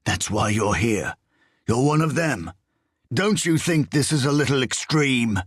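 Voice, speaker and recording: A man voicing a distraught, bewildered husband held hostage, with a hushed, tense, disbelieving manner. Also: low-pitched, slow, breathy edge, dry recording, studio quality, full character voice.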